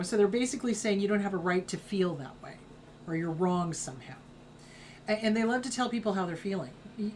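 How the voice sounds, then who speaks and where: A woman's voice: mid-range voice, slight background noise. A middle-aged woman therapist giving an educational talk, emphatic and mocking in her acted-out quotes. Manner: emphatic, acts out quoted apologies in mocking voices. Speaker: therapist host.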